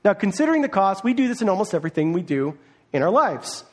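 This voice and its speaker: A man's voice: high-pitched, big pitch swings, fast. A man, a parent, preaching a conversational sermon as a pastor, acting out the voices he quotes. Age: adult, parent of a young child.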